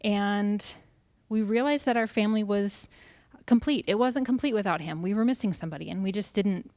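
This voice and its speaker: A woman's voice: medium pitch, warm tone, no room sound. Earnest woman sharing a church testimony. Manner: earnest, halting with many fillers. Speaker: mother sharing family testimony. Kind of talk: personal testimony. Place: church pavilion.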